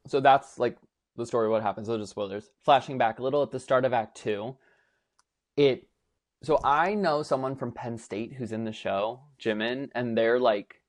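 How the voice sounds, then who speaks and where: A young man co-hosting a podcast, telling a story with animated enthusiasm and casual swearing. His pitch sits right in the middle for a man. He talks in a relaxed, chatty way. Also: moderate pace. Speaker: podcast co-host. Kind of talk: casual chat.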